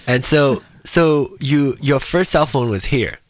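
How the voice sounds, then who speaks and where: A man's voice: medium pitch, takes it slowly, dry recording. A man from Malaysia hosting a podcast in casual chat, playful and teasing, breaking into laughter. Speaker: podcast host.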